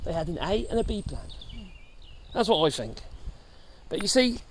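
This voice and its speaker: A man's voice: sits high, very animated, moderate pace, slight background noise. A middle-aged man chatting casually and sarcastically on a dog walk outdoors, full of exclamations. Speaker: channel host. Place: outdoors walking dogs.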